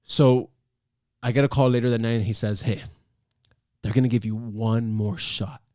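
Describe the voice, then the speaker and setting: A man in his thirties, hosting his own talk show, tells a personal story in casual chat, animated and emphatic with many restarts. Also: mid-range voice, normal speed. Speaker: podcast host.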